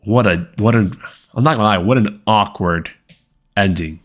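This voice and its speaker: Casual male film reviewer, very low voice, chatty and loose, lots of "like"s and restarts. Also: normal speed. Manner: conversational, many fillers and repeated words; acts out quoted lines. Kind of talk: casual movie review vlog.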